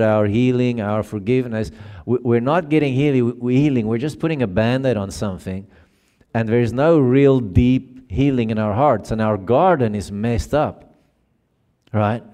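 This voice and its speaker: A man's voice: mid-range voice, warm tone, smooth. A male pastor giving a conversational sermon, often checking in with his listeners and laughing while he tells stories.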